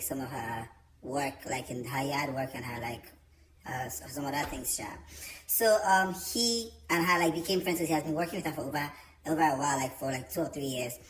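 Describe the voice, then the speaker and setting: A young man telling a storytime vlog, chatty and animated, with many fillers. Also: a little high. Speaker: vlogger. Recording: roomy echo.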